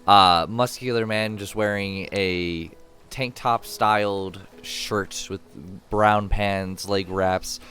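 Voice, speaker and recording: A man narrating a tabletop role-playing game as game master, describing scenes in a casual, halting way with many fillers. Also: lowish voice, steady tone, bright, forceful tone, smooth.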